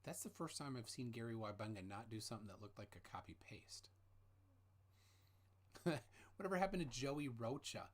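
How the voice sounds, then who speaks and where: A man hosting a casual livestream, reading out chat comments in a rambling, halting way with many fillers, holding his mic close at home. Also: medium pitch, expressive. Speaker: livestream host. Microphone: handheld mic held close.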